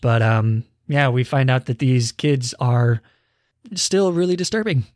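A man's voice: mid-range voice, a little slow, darkish tone, dry recording, studio quality. A man in his twenties chatting casually as a podcast host, running a quiz game with his co-host. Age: 20s. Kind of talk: casual chat.

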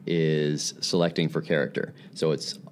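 A man's voice: a bass voice, flat delivery, moderate pace. A man who is a guest on a podcast, talking candidly and casually, with many restarts and easy laughs. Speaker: guest, former special operations instructor.

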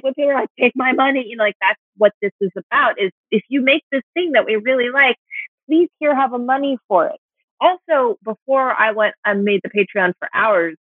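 Woman guest, author type, excitable and self-mocking; high-ish voice, phone-line quality. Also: no echo. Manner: animated, rambling, self-deprecating. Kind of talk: casual chat. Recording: dry tinny phone line.

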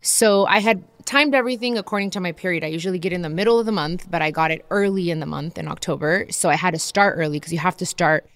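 A woman's voice: lowish voice, quick pace, few pauses, no echo. Candid woman podcaster, dry close sound. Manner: candid, talks straight to listeners; acts out quoted people in her stories. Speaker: podcast host. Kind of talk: casual personal storytelling.

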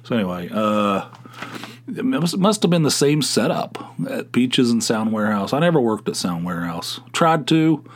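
Middle-aged Appalachian man hosting his own show; loose, halting talk full of restarts. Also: mid-range voice, sing-song, slight background noise. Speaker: podcast host. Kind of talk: casual solo podcast monologue.

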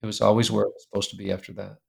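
An older man, a guest in an interview, tells a personal family story in an animated way, often laughing and reading old letters aloud. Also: lowish voice, very fast, gravelly.

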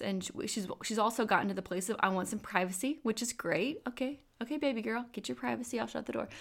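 A woman in her thirties hosting a faith podcast, talking candidly and casually into a microphone with plenty of fillers. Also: mid-range voice. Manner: warm, candid storytelling with fillers. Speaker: podcast host. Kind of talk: faith-based podcast talk.

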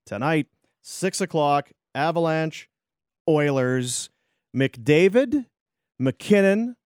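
This man co-hosts a sports talk show with a teasing, bantering delivery. His pitch jumps around a lot. The recording sounds dry and close to the mic. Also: animated, drawn-out words, a little mellow, clean tone, no echo.

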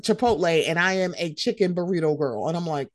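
A young woman hosting a casual pop-culture chat, animated and slangy, swearing freely. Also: fairly low pitch, brisk, no echo, clean studio sound. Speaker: podcast host.

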